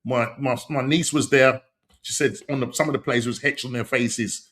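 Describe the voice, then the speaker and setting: Host, male, animated casual football chat with plenty of slang, mid-range voice. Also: medium pitch, moderate pace. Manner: animated, slang-heavy, laughs often. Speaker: podcast host.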